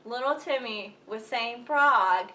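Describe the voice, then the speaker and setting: A woman's voice: on the high side, takes it slowly, bright, forceful tone. A young woman vlogger telling funny stories in a casual, chatty way, laughing often and acting out the people she quotes. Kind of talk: casual storytelling while folding laundry. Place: home room. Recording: slightly distant mic with faint room noise.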